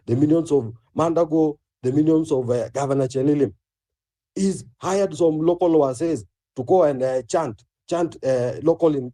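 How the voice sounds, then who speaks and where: Kenyan man, very dark and mellow voice, angry, blunt, profane. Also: on the high side. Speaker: speaker in a live online audio room. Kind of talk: angry protest speech.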